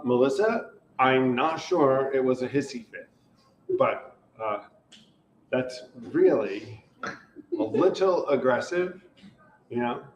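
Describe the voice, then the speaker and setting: A man's voice: medium pitch, slight background noise. A man hosting a live recovery show, chatting casually in a rambling, joking, self-deprecating way. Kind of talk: casual live-stream chat. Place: retreat center in California. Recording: roomy, dull live-stream sound.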